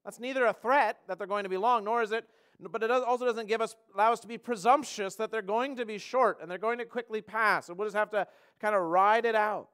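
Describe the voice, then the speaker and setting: A male pastor giving a church sermon, earnest, often restarting phrases and slowing down to stress a point. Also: sits high, fairly bright tone, clear, resonant tone. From Canada. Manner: earnest, repeats words and restarts phrases, slows for emphasis.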